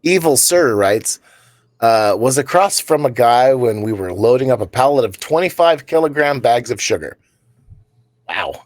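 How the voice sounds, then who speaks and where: A mid-range male voice with no echo belongs to a comedy podcast co-host. His talk is casual comedic storytelling: long-winded work anecdotes punctuated by laughter at his own jokes.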